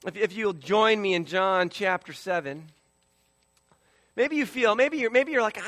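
A male preacher with a bright, forceful tone and a slightly raised voice. He delivers his sermon with big swings, driving some phrases loud and dropping others to a hush. The sound is close and dry, with no room around it. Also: high voice, animated, unhurried, dry recording. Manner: dynamic delivery swinging from loud emphasis to hushed near-whisper; acts out voices of biblical figures in quotes. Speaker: pastor.

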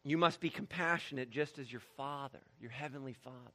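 A male pastor preaching a sermon in an animated way, swinging between shouted lines and hushed ones, with laughs between points. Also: mid-range voice, brisk.

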